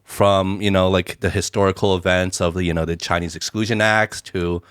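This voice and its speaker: A man's voice: deep voice, little pitch movement, moderate pace, fairly bright tone, smooth, dry recording, clean studio sound. A man co-hosting a casual podcast, talking eagerly with lots of fillers like "um" and "like". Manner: enthusiastic, filler-heavy speech. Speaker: podcast co-host.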